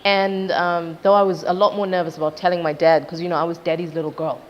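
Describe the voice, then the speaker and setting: A woman's voice: fairly low pitch, flat delivery, fast talker. A young woman from Zimbabwe, a singer being interviewed, telling a personal story animatedly and acting out quoted parents. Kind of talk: casual interview chat. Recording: dull lo-fi sound with faint background noise.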